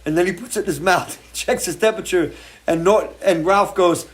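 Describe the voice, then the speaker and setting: A man's voice: sits high, brisk. Blunt, profane middle-aged man ranting. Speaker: show host. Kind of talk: impassioned live-stream rant. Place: porch, outdoors.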